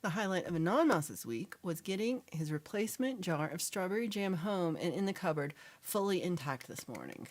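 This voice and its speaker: A woman from Texas hosting a casual livestream chat, reading viewer comments in a chatty, animated way and sometimes dropping to a whisper. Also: sits low. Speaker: livestream host.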